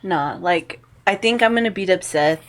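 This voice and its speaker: A woman's voice: lowish voice, normal speed. A young woman hosting a casual podcast chat with friends. She laughs often and poses hypothetical questions. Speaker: podcast host.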